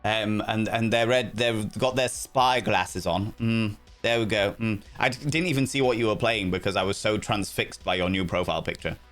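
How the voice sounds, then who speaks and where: A man livestreaming a game and chatting casually with his viewers, theatrical and profane, with playful jumps into a high voice. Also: fairly even intonation, moderate pace, hardly any pauses, fairly bright tone, soft background music. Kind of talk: casual live-stream chat with viewers.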